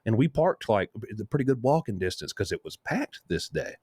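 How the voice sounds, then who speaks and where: A man's voice: lowish voice, a little fast, husky, no room sound, clean studio sound. A man hosting a casual show, telling a long, rambling story with many asides. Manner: rambling, lively anecdote full of asides. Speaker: host.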